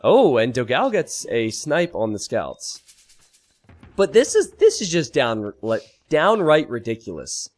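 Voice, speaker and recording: An animated man commentating a strategy game match, his pitch swinging widely as he talks. He explains tactics in a casual tone and jumps into high, loud disbelief when something surprises him. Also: measured pace, faint music behind. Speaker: game caster. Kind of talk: esports commentary.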